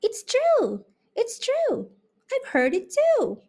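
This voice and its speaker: A woman doing squeaky little excited mice. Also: slow pace, exaggerated voice. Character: two tiny excited mice, chirpy.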